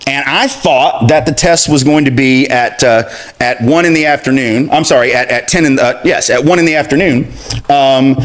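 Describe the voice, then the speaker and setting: A man giving a talk, telling an animated, self-mocking story with conversational asides. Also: mid-range voice. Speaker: speaker.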